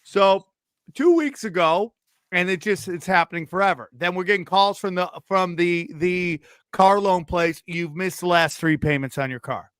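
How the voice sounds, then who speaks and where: Podcast guy telling a long story, does voices for everyone, kinda high voice, dry sound. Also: moderate pace, smooth, dry recording. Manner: animated, puts on voices for people in his stories. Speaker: podcast co-host. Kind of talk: casual comedic storytelling.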